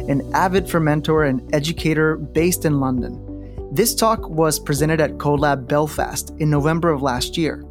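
A man reads a podcast intro in a smooth, scripted announcer manner. Guitar music plays clearly beneath his voice throughout. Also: a little high. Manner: smooth, read-aloud announcer delivery. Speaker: podcast host. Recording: narration over guitar music.

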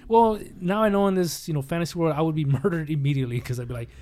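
A man's voice: fairly high pitch, very fast, a little mellow. A man casually reading an interactive storybook aloud, with joking, sarcastic asides. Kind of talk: casual read-aloud with commentary.

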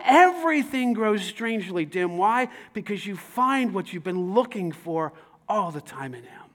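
Pastor, male, high voice, dynamic sermon delivery moving between emphatic and quiet. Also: sing-song, moderate pace. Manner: dynamic preaching, swings from loud to hushed.

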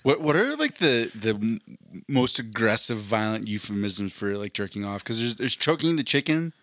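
A man's voice: lowish voice, sing-song, normal speed, fairly bright tone, no echo, studio quality. A man co-hosting a casual podcast, telling rambling, self-deprecating stories. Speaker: podcast co-host. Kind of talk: casual chat.

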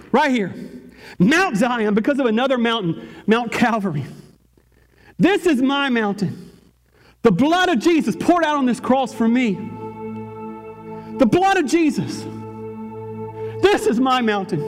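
High-voiced male pastor preaching emphatically. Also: animated, normal speed, pauses often, music in the background. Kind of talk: sermon. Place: church sanctuary.

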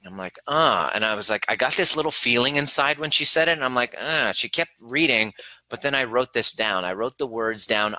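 A man speaking as a relationship coach, his voice very bright and forceful. He talks earnestly and with emphasis, acting out his client sessions as quoted dialogue. The recording is dry and close, with no room sound. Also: medium pitch, animated, a little fast, no echo, rough recording. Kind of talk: coaching talk to camera.

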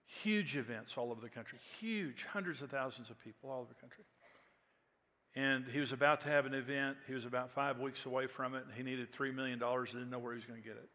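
A man's voice: medium pitch, fast, pushed and bright, in a large hall. A man in his sixties preaching a sermon, telling stories in a conversational way that rises to emphatic peaks. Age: 60s. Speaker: pastor. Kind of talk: sermon with storytelling.

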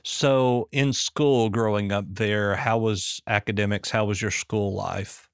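A man hosting an interview, asking questions in a calm, affirming way. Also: fairly low pitch, takes it slowly, clear, resonant tone, no echo, studio quality. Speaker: podcast host.

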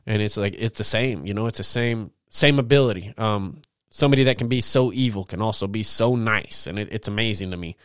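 A young man hosts his own podcast, rambling candidly and casually, swearing often and tagging lines with a drawn-out "man." His voice is smooth and on the low side, with a dry, clean studio sound.

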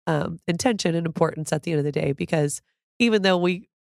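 Earnest woman podcast guest, lowish voice. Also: fast talker, vocal fry, no room sound, clean studio sound. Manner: warm, earnest, gets emotional at times. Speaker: podcast guest, food creator. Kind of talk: conversational interview.

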